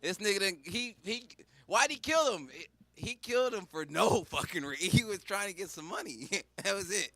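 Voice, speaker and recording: A man's voice: high voice, lively intonation, moderate pace, few pauses, bright, forceful tone, no echo. A man doing a profane stand-up riff as a comedian, with preachy mock-sermon call-outs.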